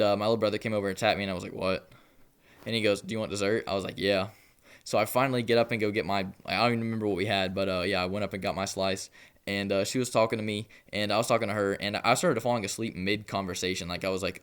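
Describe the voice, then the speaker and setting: A man's voice: on the low side, a bit bright. A young man telling a rambling personal story in a laid-back way, with lots of filler words. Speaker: storytelling vlogger. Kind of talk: casual storytelling.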